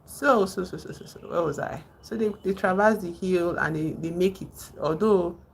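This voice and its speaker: Nigerian woman streamer, low gravelly voice, rambling and chatty. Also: normal speed, a little hiss or hum. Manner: rambling, retells film scenes, greets chat viewers. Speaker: livestream host. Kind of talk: casual livestream chat.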